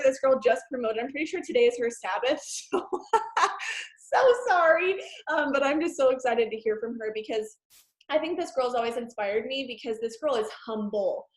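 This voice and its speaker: A woman's voice: on the high side, fairly quick, echoey room. Bubbly woman hosting a video call. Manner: bubbly and excitable, gushing praise. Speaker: host of a team video call. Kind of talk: enthusiastic introduction on a video call.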